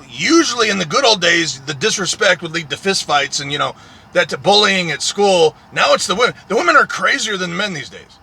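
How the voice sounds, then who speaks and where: Man ranting in a bright, lively voice. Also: sits high, creaky, slightly rough. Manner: profane, repetitive and aggrieved. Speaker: truck driver. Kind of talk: ranting monologue.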